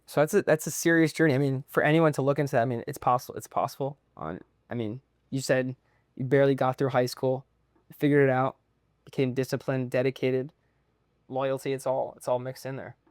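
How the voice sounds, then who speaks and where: Guy hosting a podcast, talks quick, dry close mic. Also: medium pitch, steady tone, no room sound. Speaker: podcast host. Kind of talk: casual podcast interview.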